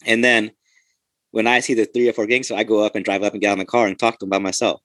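A man's voice: lowish voice, fairly even intonation, racing, a bit bright, no room sound. A man, a police officer and podcast host, telling loose, profane stories in casual chat.

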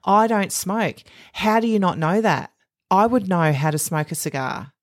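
A woman's voice: medium pitch, lively intonation, normal speed, no echo, clean studio sound. A woman co-hosting a casual recap podcast, chatty and laughing often. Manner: chatty, laughs often, reads out times like a list. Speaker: podcast co-host.

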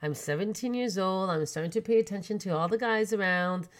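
A woman in her forties from Canada, telling personal stories in a chatty, animated way with many fillers. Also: mid-range voice, brisk. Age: 40s. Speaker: podcast host. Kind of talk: storytelling chat.

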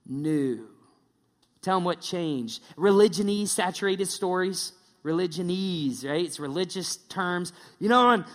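A man's voice: high voice, fairly bright tone, big-room sound. A male pastor preaching a casual, joking sermon, slipping into mocking impressions.

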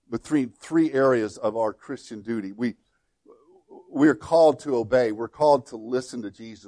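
Animated male preacher. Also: a little high, no echo. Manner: animated preaching, acting out quoted voices, frequent restarts. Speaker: pastor. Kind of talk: sermon.

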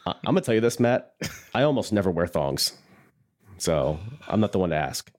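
A man with a low but very animated voice talks through a wrestling recap in loose, rambling podcast chat. He mocks himself often and laughs easily. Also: brisk. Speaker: podcast co-host.

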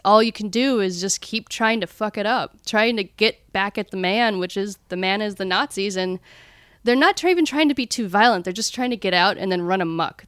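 A woman's voice: medium pitch, smooth, dry recording, studio quality. A woman co-hosting a podcast, casually arguing about a film with strong opinions and retelling scenes with animation. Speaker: podcast co-host.

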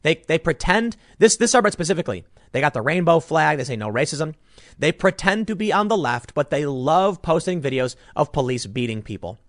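Guy doing a political rant, sarcastic, kinda high voice, pretty dry recording. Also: expressive, a little fast, fairly bright tone, no echo. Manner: combative and sarcastic, with frequent restarts. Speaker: political commentator. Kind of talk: opinionated commentary monologue.

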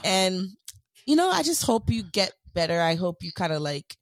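A woman's voice: on the low side, big pitch swings, moderate pace, dry recording. A woman in casual chat, reassuring and giving advice.

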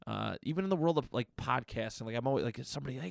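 Male podcast host, gravelly, dry close sound, rambling and candid. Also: mid-range voice, animated, very fast, dry recording. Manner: rambling, with frequent restarts and fillers; candid and reflective. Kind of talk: casual personal monologue.

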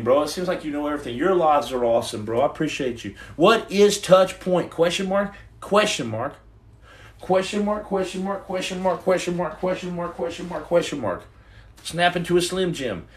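A man hosting a casual livestream, reading viewer comments and giving a rambling, earnest pep talk full of restarts. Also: fairly high pitch. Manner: rambling and repetitive, with many restarts. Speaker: livestream host and former Navy SEAL. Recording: echoey room.

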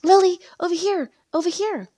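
A woman's voice: mid-range voice, animated, normal speed, gravelly, no echo. Woman doing a gushing young best friend. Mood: excited.

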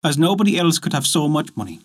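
A woman's voice: deep voice, big pitch swings, fast talker, breathy edge, heavily acted. A man voicing a poor, honest peasant wife in a folk tale, speaking emphatically and insistently. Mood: earnest.

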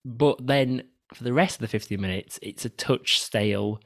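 A man's voice: mid-range voice, normal speed, gravelly. A man hosting a casual film review chat, steering the talk with dry sarcastic asides. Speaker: film podcast host.

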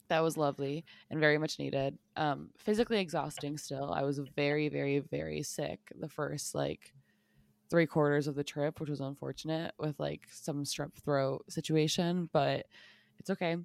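A woman's voice: low-pitched, fairly even intonation, moderate pace, vocal fry, no room sound. A young woman co-hosting a podcast, chatting casually and rambling with lots of fillers and laughter. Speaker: podcast co-host. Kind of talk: casual chat.

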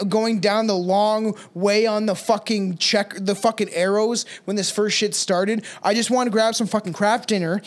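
High-voiced profane man. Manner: profane, rambling storytelling. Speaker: podcast co-host. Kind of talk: casual podcast chat.

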